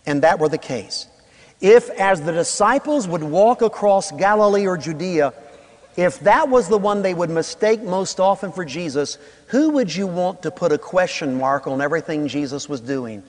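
A man preaching a sermon in a church, playful and animated, calling on the congregation to answer back. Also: sits high, normal speed. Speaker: pastor. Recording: long reverb of a large hall.

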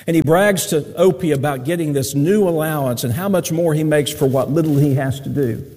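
A man's voice: fairly high pitch, fairly quick, mellow, in a large hall. A man preaching a sermon, telling stories in a folksy way. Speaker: pastor.

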